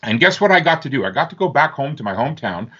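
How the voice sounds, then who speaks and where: A man from Northern Ontario, Canada, telling stories as an interview guest, animated and fond of doing lively voices for the people in them. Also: mid-range voice, quick pace, husky. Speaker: interview guest, author and speaker. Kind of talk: animated storytelling. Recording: slightly dull lo-fi sound.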